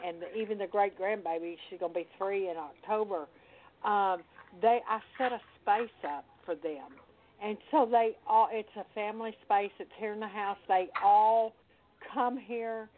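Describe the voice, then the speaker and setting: Older woman from the Deep South, storytelling guest, emphatic and conversational, tinny phone-line sound. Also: measured pace. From American Deep South. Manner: warm storytelling, emphatic agreement. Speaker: conjure worker, guest. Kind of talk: casual conversation.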